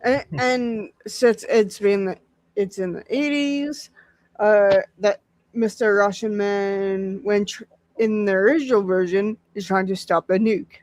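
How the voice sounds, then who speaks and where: A man chatting casually on a podcast, talking haltingly with many fillers and restarts. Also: high voice, steady tone, no echo. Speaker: podcast host. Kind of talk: casual chat.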